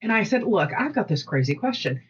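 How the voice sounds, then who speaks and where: A woman co-hosting a podcast, chatting casually and rambling through stories with lively quoted voices. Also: mid-range voice, a little fast, muffled recording, slight background noise. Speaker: podcast co-host. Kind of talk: casual chat.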